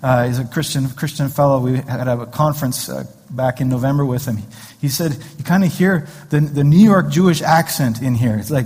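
Male pastor preaching casual-like, asks the crowd questions, slightly husky, church reverb. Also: fairly high pitch, a little fast, a little mellow. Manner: conversational, joking asides, rhetorical questions. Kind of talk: sermon. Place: church sanctuary. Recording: long hall reverb.

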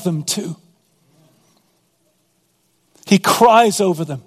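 A man's voice: on the high side, moderate pace, a little mellow, long reverb tail. A man preaching an earnest sermon as pastor, reading scripture aloud between his own points.

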